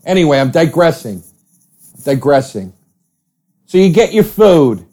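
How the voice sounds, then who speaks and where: A man from South Jersey hosting a podcast, ranting profanely in a casual comedic monologue, swinging from loud outbursts to low muttering. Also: very animated, measured pace. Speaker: podcast host.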